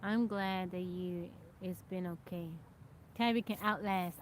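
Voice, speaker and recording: A woman from America hosts a relaxed outdoor livestream in nature, greeting people by name as they arrive and thanking them. Her lowish voice stays fairly even in intonation and a little slow, with slight background noise.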